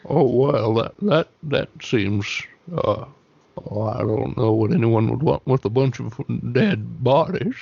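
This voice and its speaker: A man's voice: medium pitch, expressive, a little slow, gravelly, slightly rough, dry recording. A man playing a tabletop horror game in character, stammering nervously and trailing off. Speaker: player. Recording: muffled audio with faint noise.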